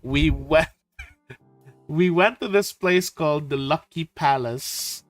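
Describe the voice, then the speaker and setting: Slow-talking excitable man from the Philippines. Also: fairly high pitch, dry recording, soft background music. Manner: excitable, swearing, laughing often. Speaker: streamer host. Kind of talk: casual chat to viewers about trip photos.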